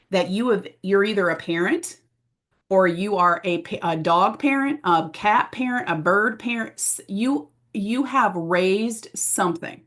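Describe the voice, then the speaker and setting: A woman giving a motivational sales training talk, acting out little scenes in high, playful voices. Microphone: presenting to a camera audience.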